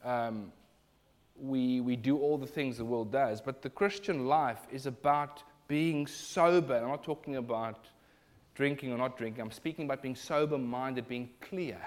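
A man's voice: medium pitch, unhurried. A man preaching a sermon, emphatic and building in intensity.

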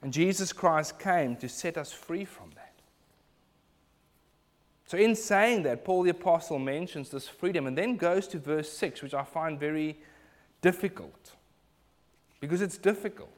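Man, preacher, sermon, emphatic, rather high-pitched. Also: a little slow, long pauses. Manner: emphatic, builds in intensity, acts out phrases.

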